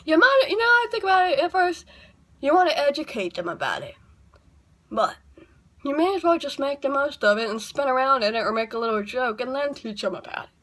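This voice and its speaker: A woman's voice: high voice, animated, brisk, fairly bright tone. A woman talking to camera in a casual vlog monologue, chatty and wry, rambling off into asides. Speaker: YouTuber.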